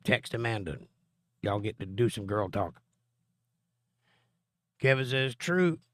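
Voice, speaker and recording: A man's voice: on the low side, unhurried, a bit bright, no echo, clean studio sound. Chatty man reading live chat. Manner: joking, chatty, answers chat directly. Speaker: live stream host. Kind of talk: casual chat, reading viewer comments aloud.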